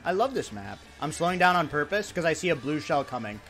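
A young man from India, streaming and chatting casually with his viewers in an excitable, joking, swear-heavy way. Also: fairly high pitch, fast talker, soft background music. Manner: animated, excitable, swears, jokes with chat. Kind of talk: casual livestream chat.

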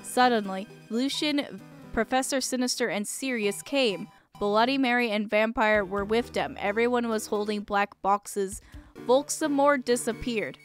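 A woman streamer reads a fan fiction aloud, breaking off between passages for dry, mocking asides. Her mid-range voice is a bit bright and moves at a moderate pace, with faint music in the background.

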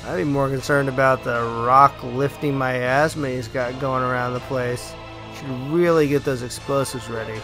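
A man's voice: mid-range voice, moderate pace, a bit bright, soft background music. A young man giving casual, joking commentary over a video game, with rambling asides. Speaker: let's play host. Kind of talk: gameplay commentary.

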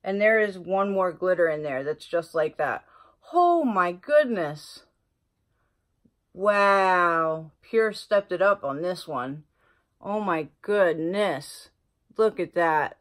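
Gushing woman beauty vlogger. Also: fairly low pitch. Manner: gushing, excitable, lots of exclamations. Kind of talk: casual unboxing chat.

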